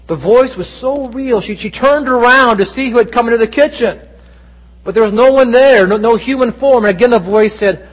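A man with a high-pitched voice preaches a Sunday sermon as pastor. He tells stories earnestly and acts out quoted lines with feeling. His voice carries a long reverb from the church sanctuary. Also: normal speed.

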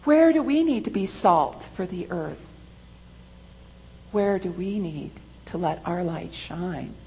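Slow, gravelly woman preacher. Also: on the low side, expressive, dark tone, a little hiss or hum, rough recording. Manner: slow, deliberate preaching with emphatic rises. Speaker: pastor. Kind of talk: sermon. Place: church.

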